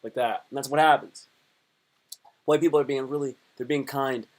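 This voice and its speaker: A man's voice: medium pitch, fairly even intonation, normal speed. A man live streaming, chatting casually and rambling, cutting himself off and joking as he talks to his viewers. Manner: rambling, self-interrupting, playful joking.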